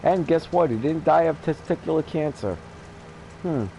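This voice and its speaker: A man's voice: a little high, moderate pace, creaky, dark tone, slight background noise, poor audio. A man in his fifties hosting a gaming channel, chatting casually and telling blunt stories with frequent laughter. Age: 50s. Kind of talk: casual chat while gaming.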